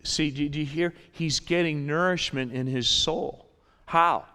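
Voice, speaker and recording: A man preaching a sermon in a church, animated, repeating his points and acting out little voices. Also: fairly high pitch, measured pace, clean tone, big-room sound. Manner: animated, repeats phrases, acts out voices in quotes. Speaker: pastor. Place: church sanctuary.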